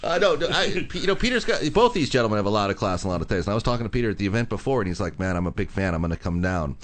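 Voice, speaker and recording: A man's voice: deep voice, animated. A man hosting a radio talk show in casual chat, rambling and interrupting himself as he goes. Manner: fast, rambling, self-interrupting.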